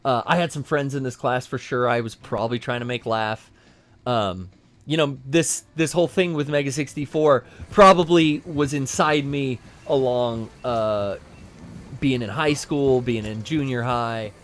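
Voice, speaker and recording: A man's voice: medium pitch, measured pace. A man in his thirties co-hosting a game stream, telling a casual, profane, rambling story. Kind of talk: casual storytelling over gameplay.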